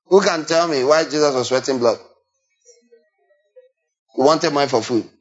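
A man preaching a sermon, animated and full of rhetorical questions, now and then imitating sheep and shepherd calls. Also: a little high, moderate pace, soft background music. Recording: dull lo-fi recording.

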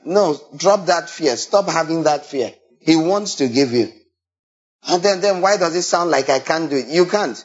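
A man preaching a sermon, animated and full of rhetorical questions, now and then imitating sheep and shepherd calls. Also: fairly high pitch, normal speed, faint music behind. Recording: dull lo-fi recording.

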